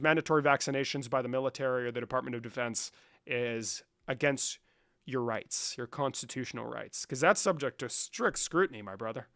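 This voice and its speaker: A man's voice: fairly high pitch, bright, forceful tone, no echo, studio quality. A young man from Mexico streaming from his room, talking casually to his chat, swearing, mocking and breaking into laughter. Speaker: livestreamer.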